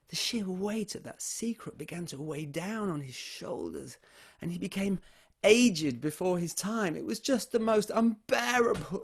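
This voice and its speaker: A man telling a folk tale aloud, animated and swinging between loud and hushed delivery. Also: sits high, creaky, slightly rough. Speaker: storyteller. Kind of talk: oral folk storytelling.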